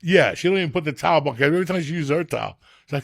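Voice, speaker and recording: A middle-aged man, telling crude comic stories in a loud, profane, animated way. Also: on the high side, very fast, creaky, no room sound, studio quality. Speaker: comedian and podcast host.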